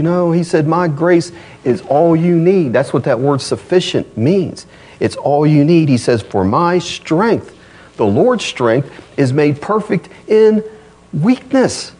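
A man delivers a sermon in a husky voice whose pitch climbs and drops widely. He preaches conversationally, acting out quoted voices and shifting between loud stressed phrases and quiet low asides. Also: very animated, slow pace. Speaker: pastor.

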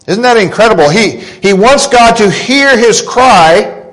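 Slow-speaking earnest male preacher. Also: high-pitched, expressive, a bit bright, low-quality recording. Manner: slow, earnest preaching with emphatic rises on quotes. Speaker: pastor. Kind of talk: sermon.

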